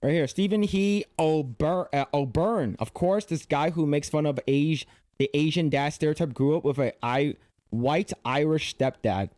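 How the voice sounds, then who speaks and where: A man's voice: fairly high pitch, normal speed, a little mellow, no echo, studio quality. A man streaming casual reaction commentary, rambling and repeating himself as he talks. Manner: rambling, repeats words, frequent laughs.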